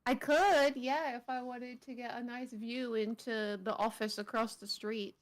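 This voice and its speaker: A woman's voice: on the high side, steady tone, unhurried. A woman guest chatting casually in a laid-back, amused, frank way. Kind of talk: casual chat.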